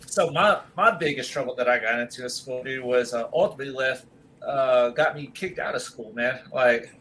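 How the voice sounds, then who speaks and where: A man's voice: medium pitch, normal speed, fairly bright tone, slight background noise, poor audio. Laid-back man rambling through a story. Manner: rambling, laid-back, says "dude" a lot. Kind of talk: casual chat.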